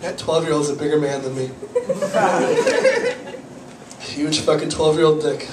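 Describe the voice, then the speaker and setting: This man talks fast, his slightly high voice barely moving in pitch, as he works through a rambling stand-up set while sick with a cold, running himself down, cursing, and fretting. It's a small cafe comedy night, heard from the audience area through a far-off camera, with room echo and audible noise.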